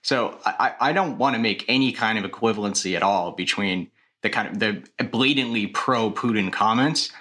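A man asking an interview question in a measured, careful way. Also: lowish voice, sharp tone.

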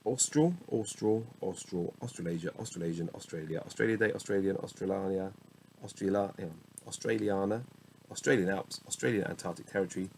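A man's voice: low-pitched, a little fast, vocal fry, darkish tone, slight background noise, poor audio. A man reading dictionary entries aloud one after another, muttering and correcting himself with wry asides. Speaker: solo reader of a dictionary. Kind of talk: reading word lists aloud.

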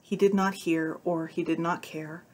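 Female narrator with a lowish voice; reads fiction aloud, voicing characters lightly. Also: fairly even intonation, measured pace, darkish tone. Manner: voices the characters' dialogue with shifts of tone. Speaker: narrator reading a short story aloud. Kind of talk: audiobook-style story reading.

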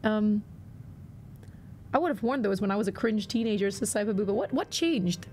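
A woman's voice: mid-range voice, normal speed, a little mellow, slight background noise. A woman live-streaming a video game, chatting playfully and reacting to her viewers' messages.

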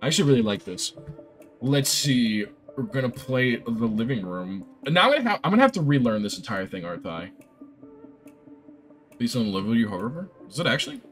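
A young man live-streaming a game, chatting casually and telling rambling, excitable stories. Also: medium pitch, brisk, soft background music.

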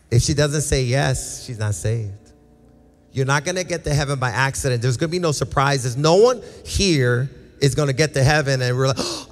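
A male pastor preaching a passionate sermon and altar call, pleading with his listeners and acting out their voices. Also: mid-range voice. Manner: passionate, repetitive exhortation with acted quotes. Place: large church sanctuary. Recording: reverberant church hall with music.

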